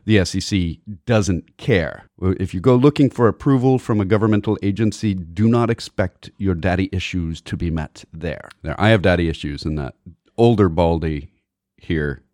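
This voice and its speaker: A man's voice: sits low, normal speed, darkish tone, no echo, studio quality. A young man co-hosting a finance radio show, joking and rambling with lots of ums. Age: young adult. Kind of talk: comedic finance radio chat.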